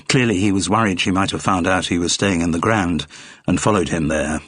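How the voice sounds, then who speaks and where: A man reading a mystery audiobook in a measured narrating style. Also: sits low, fairly bright tone, husky, no room sound, studio quality. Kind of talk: scripted narration.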